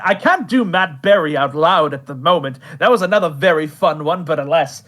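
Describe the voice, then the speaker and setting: A man who creates and voices an animated show, chatting casually in an interview, rambling, laughing often and poking fun at himself. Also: fairly high pitch, fairly quick.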